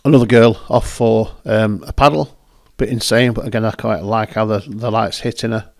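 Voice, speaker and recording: With a fairly low, creaky, slightly mellow voice, this photographer-host talks at a moderate pace in a steady tone. He rambles chattily through his photos, self-correcting as he goes, and the clean studio sound has no echo.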